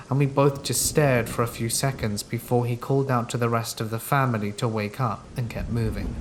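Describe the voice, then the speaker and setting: A man reads horror stories aloud in a calm, measured way, with a voice of ordinary pitch for a man. Soft, steady rain sits faintly in the background. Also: a little hiss or hum. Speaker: horror story narrator. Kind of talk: scripted first-person horror narration. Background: steady rain sounds.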